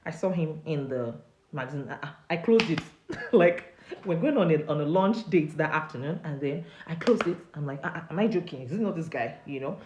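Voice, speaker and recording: A Nigerian woman hosting a casual live chat and telling a personal story with animated swings in pitch. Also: a little fast, reverberant, lo-fi sound, a little hiss or hum. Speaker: host.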